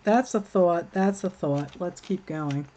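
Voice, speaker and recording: A woman's voice: lowish voice, slow pace, dark tone, slight background noise. A woman hosting a crafting livestream, chatting casually and thinking aloud while she works, reading comments and laughing at them. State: hiccups.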